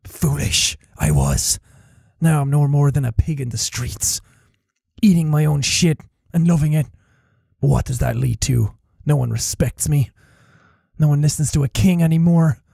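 A man voicing a bitter old deposed king who laments slowly and grandly in a game. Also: a little high, expressive, creaky, dark tone, slightly rough, dry recording, clean studio sound, pitched below the performer's own voice, exaggerated voice. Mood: brooding lament. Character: deposed old male king, bitter, brooding, self-pitying.

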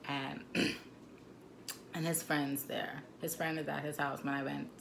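A woman in her twenties with a Turks and Caicos Islands accent telling a storytime vlog, animated and indignant, with frequent asides, on a phone camera mic. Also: low-pitched, slow, creaky, background noise. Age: 20s. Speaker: vlogger.

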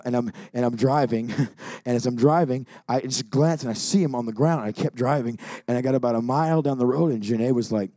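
A man preaching a Pentecostal sermon who swings from shouting to quiet storytelling. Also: mid-range voice, dry recording. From Alaska. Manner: builds to shouting, then drops to quiet storytelling. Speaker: pastor.

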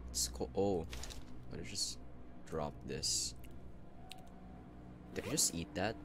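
A young man streaming a game, rambling and swearing, with sudden loud outbursts between mumbled remarks. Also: low voice, background noise. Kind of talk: live gameplay commentary.

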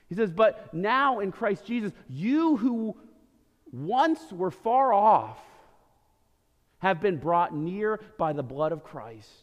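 A man preaching a sermon as pastor, animated, swinging from loud emphasis to quiet, low lines. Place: church sanctuary. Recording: reverberant church hall.

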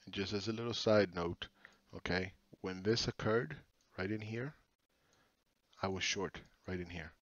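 A man's voice: low-pitched, a little slow, a bit bright, dry recording. A middle-aged man giving blunt, profane, mocking chart commentary in a casual way. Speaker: market commentator. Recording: dull lo-fi sound.

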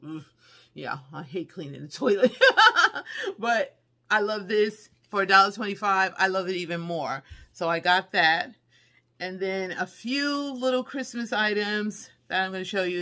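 A middle-aged woman, chatting excitedly through a shopping haul video and squealing with delight. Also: fairly low pitch. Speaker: haul vlogger. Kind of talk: casual haul video chat.

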